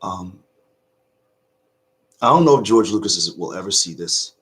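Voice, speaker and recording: A middle-aged man hosting a casual reaction video, choked up with emotion, talking earnestly in halting restarts. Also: deep voice, lively intonation, a bit bright, slightly rough. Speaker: YouTube reaction host.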